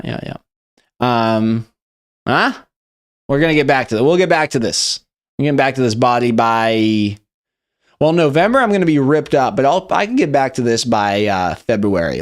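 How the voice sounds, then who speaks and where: A young man hosting a live stream, reacting loosely and profanely to memes, rambling and chatty. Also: mid-range voice. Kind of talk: casual live-stream meme review.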